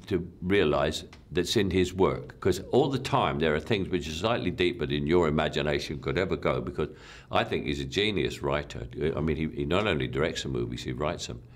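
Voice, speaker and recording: An older man speaks in a very deep, low voice, reflecting on his work as an actor. He rambles, doubles back on his words and lets his sentences trail off quietly. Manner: rambling, repeats words, soft trailing asides. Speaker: actor being interviewed. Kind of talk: reflective interview talk.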